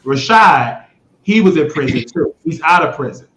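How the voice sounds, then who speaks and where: A man hosting his own show, talking in a blunt, rambling monologue that swears freely and swings between loud bursts and mutters. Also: a little high, animated, moderate pace. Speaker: show host. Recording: echoey room, dull lo-fi sound.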